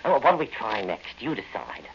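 A man's voice: lowish voice, sing-song, brisk. An actor playing a mischievous male demon who taunts and wheedles, in old-time radio drama style, on a dull lo-fi recording with faint hiss. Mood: gloating.

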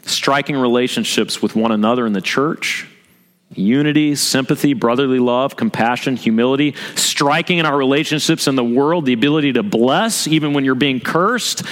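A man preaching a sermon to his congregation as pastor, earnest, asking rhetorical questions and repeating his key points. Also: medium pitch. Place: church sanctuary. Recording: long reverb of a church hall.

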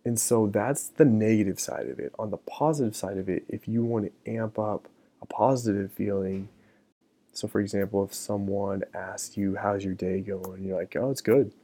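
Speaking at a normal speed in a low voice, a middle-aged podcast host talks alone in an easygoing, casual style. Fillers such as "um" and "you know" come up often.

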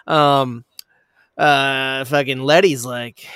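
A man casually retelling a movie plot in a rambling, profane way, with lots of fillers and quick laughs. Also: mid-range voice, sharp tone, clean tone, no echo, clean studio sound.

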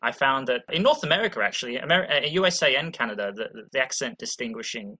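A man's voice: mid-range voice, lively intonation, fast talker, bright, forceful tone, no room sound. A man hosting a casual interview over a video call, curious and asking short follow-up questions. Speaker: podcast host.

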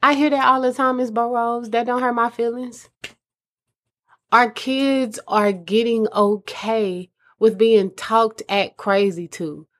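A woman's voice: a little high, fairly even intonation, takes it slowly, fairly bright tone. A woman giving earnest, conversational advice to mothers as a host. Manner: earnest, conversational, addresses listeners as mamas. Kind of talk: casual advice talk.

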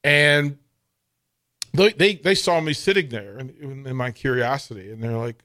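A man's voice: medium pitch, moderate pace, pushed and bright. A man hosting a sports radio show, telling a story in a casual chat, laughing often and using casual slang as he acts out quotes.

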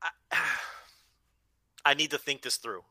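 A man co-hosting a podcast in casual chat, animated and profane, often slipping into quick impressions. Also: medium pitch, no echo. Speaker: podcast co-host.

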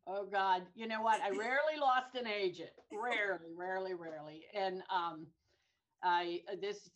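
A woman guest on a podcast telling an anecdote with lively energy, often repeating words and restarting as she goes. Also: medium pitch, normal speed. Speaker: guest, real estate brokerage manager.

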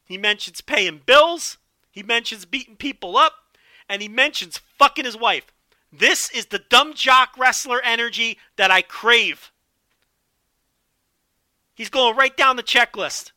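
A wrestling show commentator gives a casual recap, enthusiastic and profane, riffing with jokes. His voice is extremely high-pitched, bright, and pushed, delivered at an unhurried pace with no echo.

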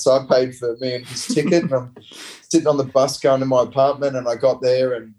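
An Australian man, a former rugby player, telling relaxed, rambling anecdotes in a casual interview. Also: mid-range voice, brisk, rough recording. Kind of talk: casual storytelling.

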